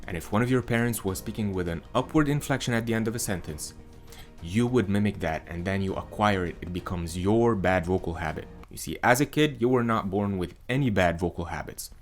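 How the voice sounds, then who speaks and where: A man speaks as a voice coach, delivering a scripted lesson at a calm, measured pace. His voice sits a little low, and he lets his sentences settle downward at the end. Soft music plays faintly beneath him. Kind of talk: scripted teaching monologue.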